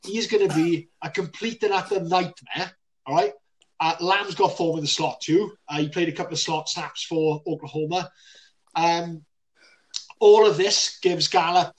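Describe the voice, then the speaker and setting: A man co-hosting a casual sports podcast, excitable and full of banter, laughing often. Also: a little high, moderate pace, far from the mic, slight background noise. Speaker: podcast co-host.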